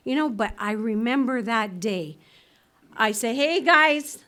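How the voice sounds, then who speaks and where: A woman speaking at a recovery meeting, telling her story in a lively way, acting out voices and laughing often. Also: a little high, slow pace. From United States. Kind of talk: personal recovery talk. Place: meeting room.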